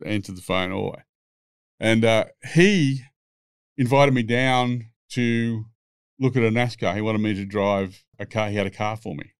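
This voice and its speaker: A man's voice: lowish voice, moderate pace, clear, resonant tone, no echo, studio quality. A man, telling rambling, swear-filled stories as a podcast guest. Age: 60s. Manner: profane, rambling anecdotes. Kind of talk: casual storytelling.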